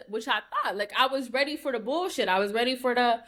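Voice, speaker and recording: A woman co-hosting a podcast, telling a story in a heated, profane, animated way. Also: a little high, fast, hardly any pauses. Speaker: podcast co-host. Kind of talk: casual chat.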